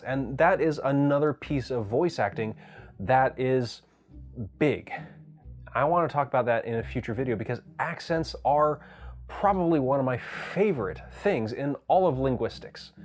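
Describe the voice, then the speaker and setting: Guy teaching rpg voice tricks, really lively up and down pitch, soft music under it. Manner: animated, enthusiastic explainer. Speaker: channel host teaching voice acting. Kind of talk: tutorial explanation.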